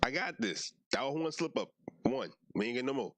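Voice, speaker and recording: Laid-back young man with lively pitch. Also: fairly quick, no echo. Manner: slangy, laid-back, self-talking. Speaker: YouTuber. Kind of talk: casual reaction commentary.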